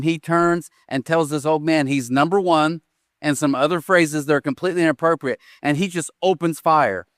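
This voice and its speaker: A man's voice: on the high side, dry recording, clean studio sound. A man preaching a sermon, telling a story with lots of rhetorical questions. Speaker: pastor.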